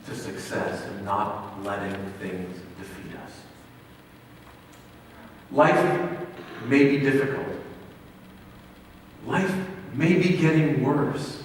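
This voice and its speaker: A man, a pastor, preaching a sermon with dramatic swings between loud emphasis and near hush. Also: medium pitch, a little hiss or hum. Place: church hall. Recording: echoey hall, mic far off.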